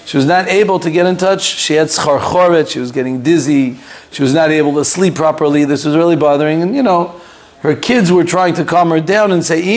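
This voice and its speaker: A male rabbi teaching a lesson by telling a story in a loose, animated way, with fillers and asides. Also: on the high side, brisk.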